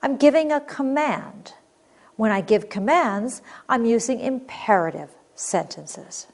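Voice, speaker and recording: A woman teaching a recorded grammar lesson, reading example sentences clearly and expressively, then explaining them. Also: on the high side, animated, unhurried.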